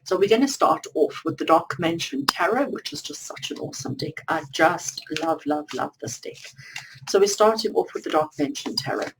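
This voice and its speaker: A woman's voice: on the low side, vocal fry, background noise. A woman giving a spiritual tarot reading to viewers, repeating phrases in long chains. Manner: repetitive, lists phrases in chains. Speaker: tarot card reader.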